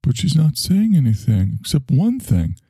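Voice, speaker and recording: A man's voice: mid-range voice, wildly swooping pitch, moderate pace, warm tone, breathy edge, no room sound, full character voice. A man voicing a puzzled, skeptical ordinary man who keeps questioning. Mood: doubtful. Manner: questioning, plain, doubtful.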